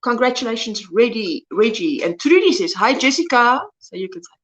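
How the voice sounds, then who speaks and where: A woman's voice: on the high side, big pitch swings, fairly quick, fairly bright tone. A woman, hosting a casual livestream and greeting viewers by name as she reads the chat aloud. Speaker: crochet livestream host.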